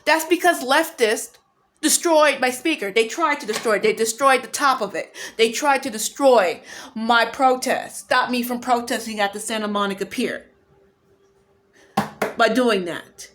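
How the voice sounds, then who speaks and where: A woman's voice: a little high, a little slow, fairly bright tone, slight background noise. A woman in her forties talking to camera in an agitated, repetitive rant, with a speech impediment that shows when she gets emotional. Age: 40s. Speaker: vlogger.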